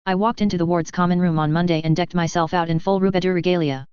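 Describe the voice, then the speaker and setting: A woman narrating a first-person story in a steady, even reading voice. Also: on the low side, fast talker, smooth, no room sound. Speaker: fan fiction reader. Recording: dry, slightly dull lo-fi recording.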